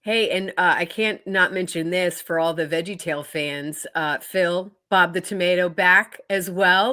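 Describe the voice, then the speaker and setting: A woman with a slightly low voice hosts a casual interview. She asks her questions with open enthusiasm and gushing praise. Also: measured pace, few pauses, bright, forceful tone. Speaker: interview host.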